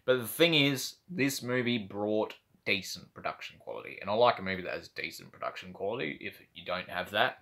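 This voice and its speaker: A man's voice: lowish voice, animated, a little fast, vocal fry, few pauses, sharp tone. A man reviewing a film in casual chat, rambling and swearing, acting out quotes from scenes. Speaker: movie reviewer.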